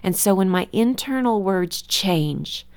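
A woman's voice: mid-range voice, animated, slow pace, darkish tone. A middle-aged woman, a guest author on parenting, telling candid stories from family life in a conversational radio interview. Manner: candid, storytelling, confessional.

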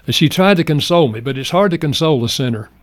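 An older man telling a personal story as a guest in a radio interview, speaking earnestly and reflectively, going soft at the tender parts. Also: on the high side, lively intonation, fast talker, dry recording. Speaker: guest, marriage counselor.

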